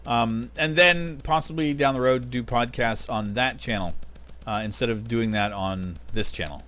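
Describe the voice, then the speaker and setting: A man's voice: mid-range voice, moderate pace, a bit bright. Chatty, rambling male gamer. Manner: rambling, chatty, lots of fillers and restarts. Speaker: gaming channel host. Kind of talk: casual gameplay commentary.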